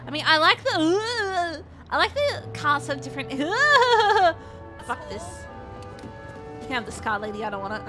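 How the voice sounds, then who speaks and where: A woman streaming games, excitable and playful, shrieking, swearing and putting on silly voices. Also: sits high, measured pace, over loud music. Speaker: VTuber streamer. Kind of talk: gaming stream reactions.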